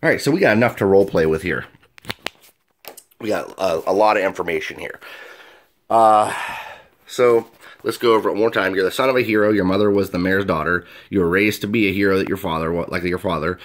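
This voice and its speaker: A man's voice: low voice, a little fast. A man, a game master, hosting a casual tutorial and explaining tabletop role-play in a chatty way. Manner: chatty and explanatory, with frequent fillers. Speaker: game master and video host.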